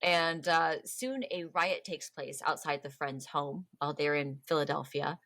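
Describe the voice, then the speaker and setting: Low-voiced woman telling history, chatty. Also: measured pace, no echo, studio quality. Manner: chatty, animated storytelling with playful voiced quotes. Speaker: podcast host. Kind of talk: casual history podcast chat.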